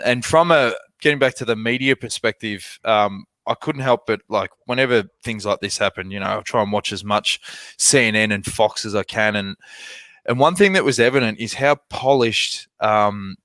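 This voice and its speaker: A man's voice: on the low side, fairly bright tone, dry recording. A young man co-hosting a podcast, chatting casually and acting out little exchanges as he tells stories. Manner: chatty storyteller, acts out exchanges. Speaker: podcast co-host. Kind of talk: casual chat.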